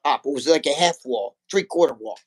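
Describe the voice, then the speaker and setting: A man in his sixties, a guest, telling rough, animated stories in casual chat and swearing often. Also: mid-range voice, fairly quick, poor audio. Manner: animated, profane storytelling.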